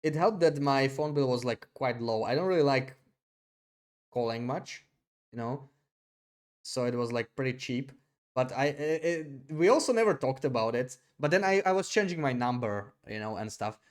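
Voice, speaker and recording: A man's voice: mid-range voice, expressive, moderate pace. A young adult man streaming a game live, thinking aloud in a hesitant, rambling way with frequent restarts.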